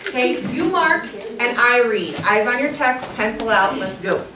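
A woman's voice: fairly high pitch, lively intonation, moderate pace, crowd noise. A woman teacher leading a classroom lesson, encouraging her students and calling on them by name. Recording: echoey classroom, distant mic, background noise.

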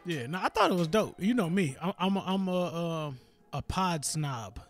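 A man's voice: high voice, animated, normal speed, soft background music. A man hosting a podcast, talking in loose, profane, joking banter with his co-host. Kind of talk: casual chat.

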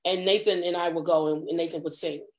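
A middle-aged woman, a comedic actress, telling stories in a casual interview and acting out quotes with lively voice jumps. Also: fairly low pitch, fast. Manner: animated, acts out quotes with big voice jumps.

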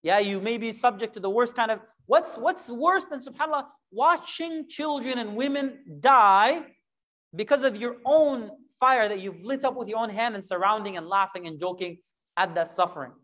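A man teaching a Quran lesson, animated and full of rhetorical questions, now and then acting out imagined voices. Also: extremely high pitch, moderate pace.

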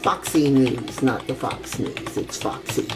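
A woman's voice: extremely low pitch, animated, a little slow, background noise. An older grandmother casually commenting as she plays a video game, chatty and exclamatory, with old-fashioned oaths and frequent giggles. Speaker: gaming grandmother.

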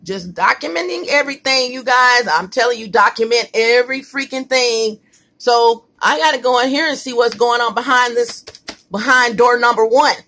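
A woman's voice: on the high side, normal speed, pushed and bright. A woman vlogging from her home kitchen on a phone, talking emphatically and repeating herself as she speaks straight to her viewers. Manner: emphatic, repetitive, addresses viewers directly. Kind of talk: casual phone vlog to viewers.

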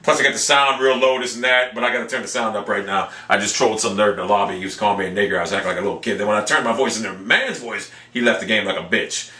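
A man commentating on his own game play, cursing and taunting, dropping to mutters, then shouting in bursts. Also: very fast, hardly any pauses. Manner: swings from low muttering to loud shouted outbursts; profane, taunting. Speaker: gameplay commentator. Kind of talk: angry live game commentary. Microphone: room mic with webcam on him. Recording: echoey room, mic far off.

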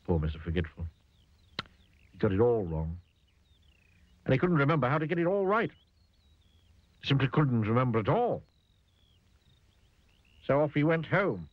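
A man narrating a children's storybook with a gentle comic touch, over a dull lo-fi recording with music behind. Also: medium pitch, moderate pace, pauses often, dry recording. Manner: lively, gently comic telling.

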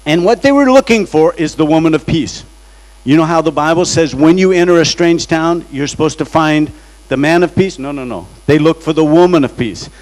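A man's voice: a little high, a little fast, darkish tone, poor audio. A man preaching as a guest in church, telling a story dramatically and acting out the voices he quotes. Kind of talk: storytelling sermon. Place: church sanctuary.

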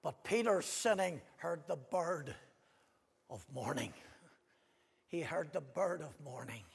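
A man with a Northern Irish accent preaching an impassioned sermon, rising to loud cries and dropping to hushed repetitions. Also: sits high, gravelly, breathy edge. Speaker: pastor. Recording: long hall reverb.

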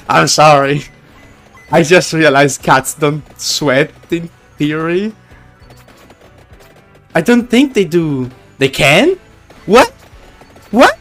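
A man's voice: fairly high pitch, sing-song, slow, pauses often, fairly bright tone, soft background music. A man streaming a game live, chatting casually and teasing his viewers in a playful way.

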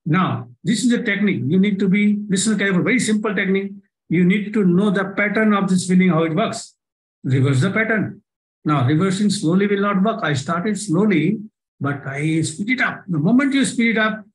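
Indian guy on a video call, a bit high-pitched, talks people through mind exercises, says the same thing again and again. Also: lively intonation, poor audio. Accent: Indian English. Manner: repetitive, coaxing, speeds up and slows for exercises. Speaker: workshop trainer. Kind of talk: live online workshop with guided exercises.

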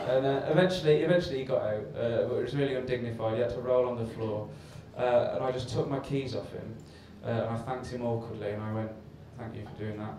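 A man's voice: medium pitch, fairly even intonation, quick pace, few pauses, dark tone. A man doing a stand-up routine on a comedy club stage, telling a rambling, self-deprecating story. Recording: echoey live club recording from far off with hiss.

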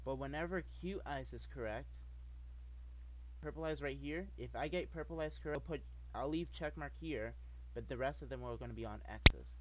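A man's voice: mid-range voice, normal speed, fairly bright tone. A man giving rambling, jumpy commentary while playing a game, apologizing often. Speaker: gameplay video maker. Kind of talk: gameplay commentary.

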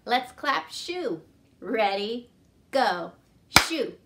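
A woman teaching young children, speaking slowly and in a sing-song way as she claps out syllables. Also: mid-range voice, expressive, a bit bright. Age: adult with a son. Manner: slow and sing-song, clapping syllables aloud. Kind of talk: children's lesson.

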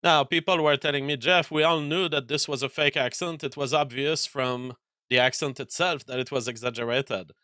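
A man hosting a commentary show, speaking deliberately with frequent hesitations and fillers. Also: mid-range voice, fairly even intonation, pushed and bright, dry recording. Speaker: host.

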